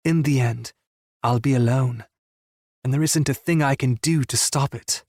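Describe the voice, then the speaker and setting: Male audiobook narrator, mid-pitched and husky, subdued and intimate, close dry read. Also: normal speed, darkish tone, no room sound. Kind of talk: first-person romance audiobook narration.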